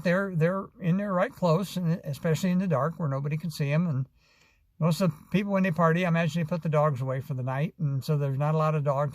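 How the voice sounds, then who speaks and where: In a casual vlog, a high-pitched man from Arizona tells a long, rambling story full of fillers and restarts. The recording is dry.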